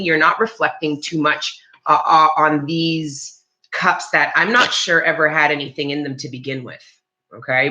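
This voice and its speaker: With a deep voice and a sharp tone, this woman gives a tarot reading on a live stream. Chatty and rambling, she restarts often and addresses her live chat viewers directly, all captured with a roomy echo.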